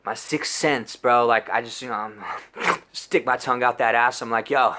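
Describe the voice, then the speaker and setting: A man in his twenties telling a crude personal story, slangy and animated, full of dude and bro. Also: mid-range voice, moderate pace, background noise. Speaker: storyteller vlogger. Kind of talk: casual storytime monologue.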